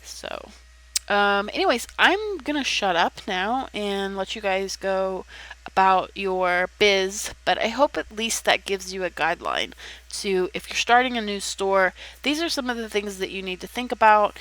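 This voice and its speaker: Young woman vlogger, mid-pitched voice, casual and candid, umming often, cursing here and there. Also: lively intonation, a little slow, fairly bright tone, rough recording. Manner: chatty, frank, with frequent ums and some swearing. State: hiccuping. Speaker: video creator. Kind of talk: casual chat.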